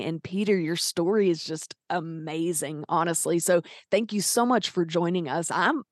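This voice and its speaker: A woman with a Southern US accent hosts the interview in a bubbly, effusive manner. Her voice sits a little low. The sound is dry and close, with no room echo. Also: a little mellow. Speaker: podcast host. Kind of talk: enthusiastic podcast interview.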